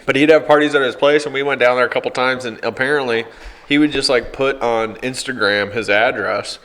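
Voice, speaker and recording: A man trading jokes and stories in casual podcast banter, with sudden loud outbursts. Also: mid-range voice, steady tone, a little fast. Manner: joking, loud bursts, mock scat singing.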